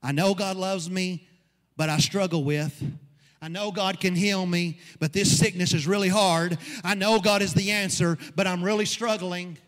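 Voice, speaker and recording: A man's voice: sits high, fairly even intonation, normal speed, a bit bright. A man preaching a sermon as pastor, building to emphatic peaks. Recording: long reverb of a hall.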